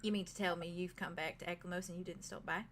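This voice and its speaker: Woman doing a soft-spoken innkeeper mother. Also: fairly low pitch, steady tone, fast, a little hiss or hum, pitched below the performer's own voice, close to an everyday voice. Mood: gentle. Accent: mixed British and Southern put-on.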